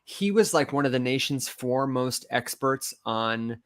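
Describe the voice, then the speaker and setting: A man's voice: mid-range voice, measured pace. A man with a Michigan accent and a nasal, reedy voice, chatting casually as a podcast host and telling stories with animation. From Las Vegas to Michigan, United States. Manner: animated storyteller, laughs easily. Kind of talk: casual livestream podcast chat.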